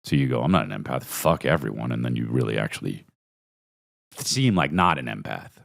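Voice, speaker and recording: A low-voiced man in his forties rambles through a comic monologue, swearing freely. His pitch leaps around wildly, dropping to low mutters and jumping to high excited bursts. The sound is dry and close, with no room around it. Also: brisk, gravelly, no echo. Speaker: podcast host. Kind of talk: casual comedic monologue.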